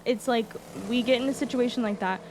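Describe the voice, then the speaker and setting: Animated, exasperated woman telling a story. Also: a little high, a little fast, a little hiss or hum. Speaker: streamer recounting a roleplay. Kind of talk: casual chat.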